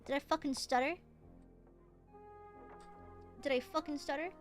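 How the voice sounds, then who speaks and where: A woman's voice: high voice, fairly even intonation, a little slow, soft background music. A woman streaming a video game, chatting casually in a playful, crude way and laughing often.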